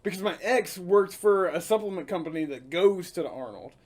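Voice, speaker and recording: A man co-hosting a casual podcast, telling relaxed stories with casual swearing. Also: sits high, fairly quick, a crowd in the background. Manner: easygoing storyteller, casual swearing. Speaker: podcast co-host. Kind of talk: casual drinking podcast chat.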